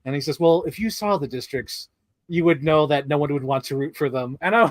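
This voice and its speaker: A man co-hosting a casual film discussion podcast, animated, laughing often and acting out movie lines. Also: fairly high pitch, fairly quick, dry recording. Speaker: podcast co-host.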